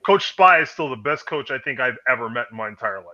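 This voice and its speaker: A man's voice: medium pitch, lively intonation, fast, bright, forceful tone, muffled recording. A man hosting a casual podcast chat, telling stories animatedly, acting out quoted voices, swearing freely. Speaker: podcast host.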